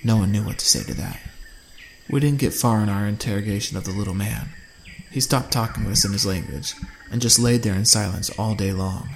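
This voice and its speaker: A man narrating a first-person survival story in a steady, measured way. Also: on the low side, gravelly, slight background noise.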